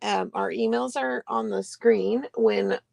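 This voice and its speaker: A woman's voice: on the high side, slow pace, creaky, a little mellow, dry recording. A woman co-hosting a live online sale, counting down bids and giving plain instructions. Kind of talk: live-stream sales chat.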